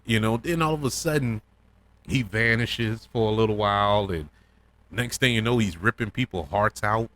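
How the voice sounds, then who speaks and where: Man, low voice, casual solo podcast review, excitable, rambling, restarts and fillers. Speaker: podcast host reviewing a TV episode.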